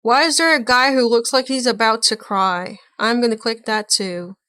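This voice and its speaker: A woman's voice: on the high side, moderate pace, sharp tone, smooth, no room sound, clean studio sound. A woman streaming a reaction to a video, chatting casually in a rambling, blunt way and swearing now and then.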